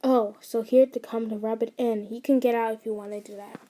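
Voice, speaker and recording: Hurt, sharp-tongued young woman, curt and defensive, read by a woman; fanfic audio reading. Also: a little high, steady tone, fairly quick, close to an everyday voice.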